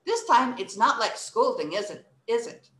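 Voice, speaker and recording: A woman's voice: on the high side, sing-song, normal speed, a bit bright, echoey room. A woman teaching an English workshop, speaking expressively and acting out emotions and word stress. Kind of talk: online English lesson for children.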